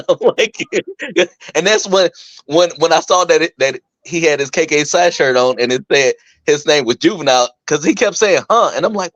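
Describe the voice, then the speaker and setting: A man's voice: moderate pace, no echo. Young guy telling stories, laughs a lot, muffled dry sound. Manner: animated storyteller, acts out quotes in a higher voice, laughs often. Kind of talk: casual chat.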